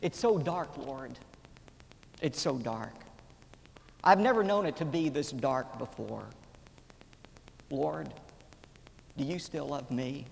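A man's voice: medium pitch, expressive, slow, vocal fry, pauses often. A preacher voicing a grieving widowed father. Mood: anguished pleading. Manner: quiet, pleading, trembling. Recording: reverberant hall, faint background noise.

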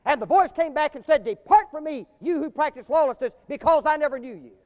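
A man preaching a sermon in a swelling cadence that rises to loud climaxes. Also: very high-pitched, animated, fairly quick. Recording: long hall reverb.

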